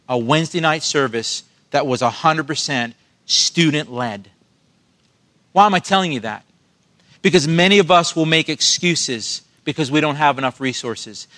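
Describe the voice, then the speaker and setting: Male pastor, slightly raised pitch, earnest preaching delivery with questions to the congregation. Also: fairly bright tone. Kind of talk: sermon.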